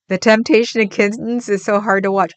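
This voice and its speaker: A chatty woman from the San Francisco Bay Area, a livestream host with a mid-range voice and no echo, reads viewer comments in a casual chat. She rambles and laughs often.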